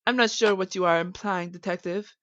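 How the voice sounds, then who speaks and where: A woman's voice: fairly low pitch, steady tone, a little fast, a bit bright, no echo, lightly acted. A woman voicing a cold, haughty rich hotel-owner woman who speaks curtly and dismissively, in a dull lo-fi recording. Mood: cool, dismissive. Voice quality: curt, dismissive.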